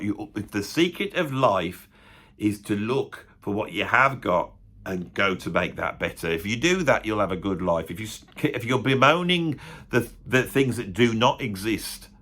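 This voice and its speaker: A man's voice: medium pitch, a bit bright. Middle-aged west midlands guy rambling at his camera, self-mocking, lots of "isn't it" "don't you". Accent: West Midlands English. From West Midlands, England. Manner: self-deprecating, chatty, rhetorical tag questions. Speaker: music critic YouTuber and drummer. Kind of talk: rambling casual monologue to camera.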